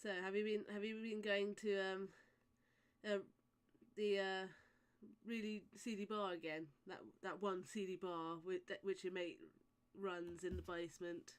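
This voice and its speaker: Woman game master, halting and chatty. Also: mid-range voice, level tone, smooth. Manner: hesitant, many fillers and restarts. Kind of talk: narrating a tabletop game. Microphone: voice chat microphone.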